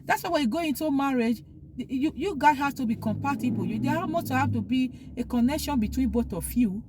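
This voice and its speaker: A woman's voice: high-pitched, animated, fairly quick, background noise. A woman vlogger talking earnestly, giving heartfelt advice and repeating her points for emphasis. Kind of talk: casual opinion monologue.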